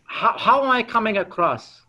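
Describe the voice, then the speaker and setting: A man's voice: high-pitched, lively intonation, normal speed, bright, forceful tone, dull audio. A man leading a live sales workshop, acting out phone calls and quizzing his audience. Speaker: sales trainer.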